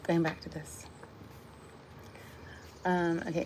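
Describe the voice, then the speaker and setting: A woman's voice: low voice, measured pace, vocal fry, pauses often, slight background noise, low-quality recording. A woman musing casually about her views, then reading a short devotional aloud, wandering and restarting as she goes. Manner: musing, meandering, with soft laughs and restarts. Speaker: vlogger sharing a devotional.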